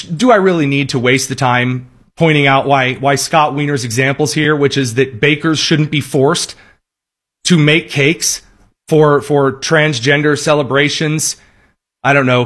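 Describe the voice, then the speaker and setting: A man hosting a political commentary show, talking in a sarcastic, mocking monologue and sometimes jumping to high parody voices. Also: a bit bright.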